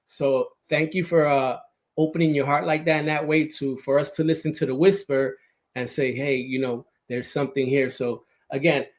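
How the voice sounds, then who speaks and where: A man's voice: a little high, steady tone, moderate pace. A man hosting a podcast interview in a casual, enthusiastic way, often checking in with "right?". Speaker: podcast host.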